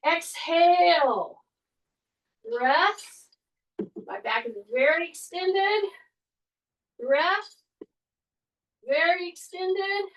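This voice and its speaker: A woman fitness instructor leading a workout, giving steady coaching cues and calling out each breath. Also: extremely high pitch. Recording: voice from a distance.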